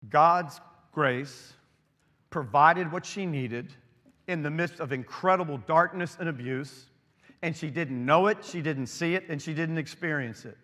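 Male pastor for a sermon read; slightly higher voice, earnest, posing questions to the congregation, long hall echo. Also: measured pace, bright, forceful tone. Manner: earnest, with rhetorical questions to listeners.

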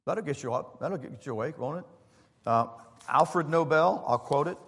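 A man, a pastor, preaching a sermon in a relaxed, conversational way, with fillers and asides to his congregation. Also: fairly high pitch, normal speed, vocal fry, husky. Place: church sanctuary. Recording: long hall reverb.

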